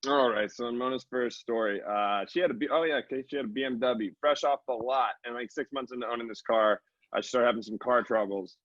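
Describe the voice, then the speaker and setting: A man's voice: mid-range voice, fairly even intonation, fast talker, fairly bright tone, no echo. Loose, swearing man on a muffled call. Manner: loose, profane. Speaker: co-host. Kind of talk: casual recap. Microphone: video call.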